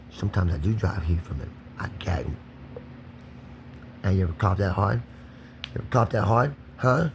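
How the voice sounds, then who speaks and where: A man's voice: on the low side, fairly bright tone, slight background noise. A man ranting alone to camera, erratic and confrontational, swearing and repeating himself. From Kentucky. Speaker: vlogger. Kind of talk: solo profane rant to camera.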